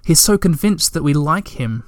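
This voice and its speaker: A man's voice: fairly high pitch, animated, normal speed, no room sound, studio quality, voice pushed up, close to an everyday voice. A man voicing an anxious, kindhearted young male troll creature in a storybook reading, talking nervously and pleading. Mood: reluctant.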